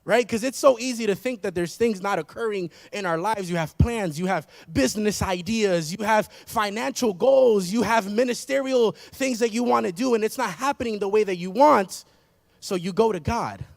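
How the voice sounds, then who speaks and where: A man's voice: sits high, moderate pace, creaky, no echo. A man in his thirties preaching a sermon in an emphatic style, building intensity through repeated phrases. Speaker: pastor. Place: church.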